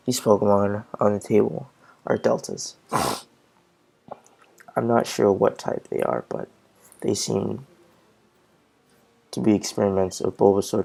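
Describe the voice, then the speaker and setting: A man's voice: fairly low pitch, vocal fry, a little mellow, husky. A man commentating on his gameplay and reading game dialogue aloud in a loose, offhand way.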